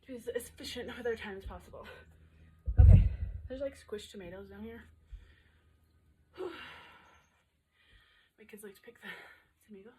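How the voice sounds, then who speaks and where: A woman's voice: medium pitch, normal speed, pauses often, noisy background. Breathless upbeat woman coaching a workout. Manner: chatty and upbeat, cueing moves between breaths. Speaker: fitness instructor. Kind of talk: casual workout coaching while exercising.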